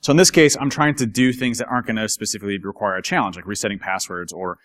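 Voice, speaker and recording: A man giving a casual, chatty conference talk to a live audience, telling stories in an animated way. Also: on the low side, fast. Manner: chatty, animated, acts out quoted voices. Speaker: conference speaker.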